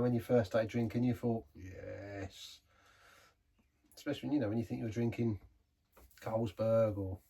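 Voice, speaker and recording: Rambling, husky English beer reviewer. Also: male voice, medium pitch, dark tone. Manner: rambling, self-mocking, repeats words, laughs often. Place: pub.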